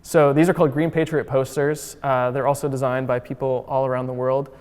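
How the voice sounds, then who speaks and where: A man gives a relaxed, chatty lecture in a mid-range voice, full of fillers and asides. His voice carries a long reverb from a lecture hall. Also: mid-range voice, brisk, clear, resonant tone. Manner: chatty and upbeat, heavy use of "like" and "uh"; acts out quotes with voice shifts. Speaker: museum founder giving a lecture. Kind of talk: casual lecture.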